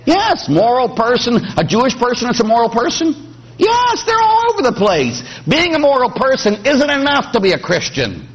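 Animated joking priest, husky voice. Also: male voice, extremely high pitch, normal speed. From Pittsburgh. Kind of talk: sermon.

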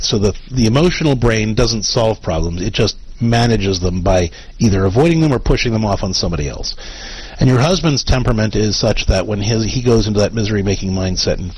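A man hosts a call-in advice show, talking a caller through her problem in a calm, explaining way. His voice is husky and sits at an average pitch. He restarts sentences often and checks in with quick "okay?"s. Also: low-quality recording. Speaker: radio advice show host.

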